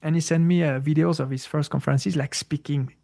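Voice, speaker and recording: Guy with a higher gravelly voice, stops and restarts a lot, feels around for the right words. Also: fairly even intonation, warm tone. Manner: halting, searching for words, many fillers and restarts. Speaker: spiritual teacher answering questions. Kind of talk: casual spoken Q&A.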